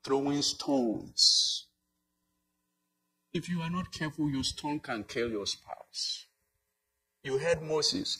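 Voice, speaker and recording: Male pastor, unhurried sermon delivery, emphatic swells, rhetorical questions. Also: on the high side, pushed and bright, husky, rough recording.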